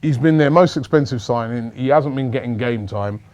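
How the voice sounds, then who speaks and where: A man hosting casual football chat, going through results in a steady way. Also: medium pitch, moderate pace, muffled recording. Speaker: football show host.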